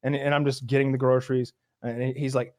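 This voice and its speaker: A man hosting a podcast who tells a story in an animated, ranting way and swears often. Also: mid-range voice, quick pace, dry recording, studio quality. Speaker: podcast host. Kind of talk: casual storytelling chat.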